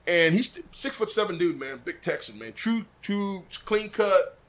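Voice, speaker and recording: Animated storytelling man from Des Moines. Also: unhurried, crowd noise. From Des Moines, Iowa. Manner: animated, acts out quotes with big pitch jumps. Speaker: barbecue sauce maker, podcast guest. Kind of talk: casual storytelling.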